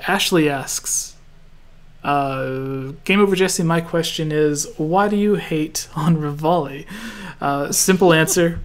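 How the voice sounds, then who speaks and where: A man from Canada hosting a casual gaming podcast, relaxed and laughing often as he reads listener questions. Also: on the high side. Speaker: podcast host.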